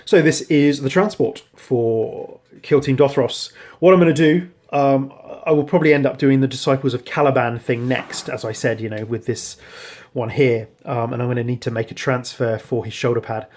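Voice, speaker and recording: A hobbyist shows off his painted miniatures, narrating casually in an ordinary mid-pitched voice at a moderate pace with few pauses. He's relaxed and rambling, with frequent ums, and often stops to correct himself.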